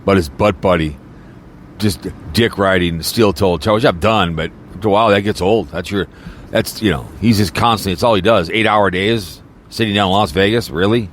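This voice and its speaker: A man's voice: sits low, normal speed, slight background noise. A man podcaster in a rambling, crude and mocking casual rant, talking from a car. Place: in a car, snowy weather.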